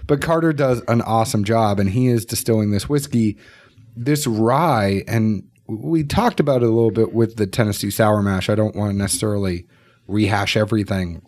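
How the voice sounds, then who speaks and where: A man's voice: on the low side, moderate pace, a little mellow. A man hosting a podcast, telling stories in a casual, joking way. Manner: storytelling, jokey. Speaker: podcast host. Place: distillery office.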